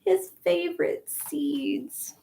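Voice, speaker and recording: A woman's voice: high voice, extremely slow, creaky. A woman, a children's librarian, reading a picture book aloud at a library storytime and asking the children questions. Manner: animated, asks children questions.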